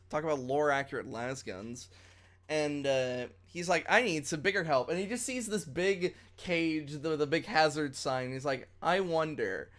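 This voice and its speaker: A man's voice: mid-range voice, a bit bright. A man co-hosting a podcast, recapping episodes in loose casual chat, rambling and laughing and acting out lines. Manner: rambling, laughing, acts out quotes. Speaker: podcast co-host.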